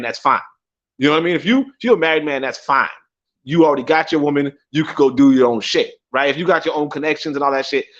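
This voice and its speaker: A man's voice: a little high, fairly bright tone, muffled recording. A man telling a story in a casual, profane vlog outdoors, laughing and swearing as he goes. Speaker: vlogger. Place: outdoors in the sun.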